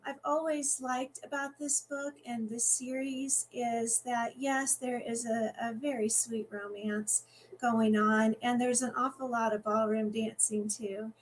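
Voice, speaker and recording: Author reading, woman, conversational and halting, higher voice, faint hum in the background. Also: rough recording. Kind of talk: reading from her novel at a book event.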